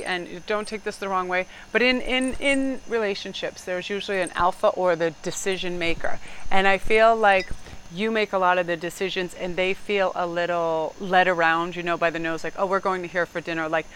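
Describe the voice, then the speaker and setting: A woman's voice: medium pitch, a bit bright, a little hiss or hum, low-quality recording. A woman giving a casual tarot reading, rambling and blunt, swearing freely and laughing often. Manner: laughs often, slips into mock voices. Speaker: tarot card reader.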